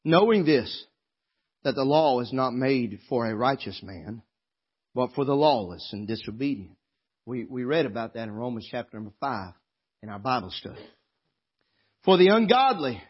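A man preaching a sermon in church as pastor, moving from quiet scripture reading to impassioned, tearful shouting. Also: medium pitch, animated, normal speed, pauses often, slightly rough. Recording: dull lo-fi sermon recording.

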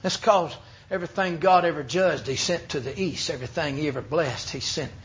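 Male preacher, emphatic sermon, slightly high voice, muffled lo-fi audio. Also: a little fast. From United States. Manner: emphatic pulpit delivery, swinging between loud and hushed. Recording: dull lo-fi sermon recording.

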